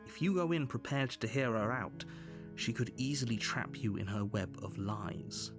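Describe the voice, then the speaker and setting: A man with a British accent voicing a stern, all-knowing narrator in a video game, delivering measured, grave warnings. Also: medium pitch, expressive, lightly acted. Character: stern omniscient male narrator, ominous warner. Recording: game audio under music.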